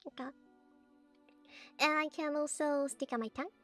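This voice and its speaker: A woman's voice: high-pitched, fairly even intonation, moderate pace, pauses often, fairly bright tone, faint music behind. A woman VTuber chatting playfully on stream, teasing her viewers in a cult-priestess persona. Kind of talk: playful stream chat showing off her avatar.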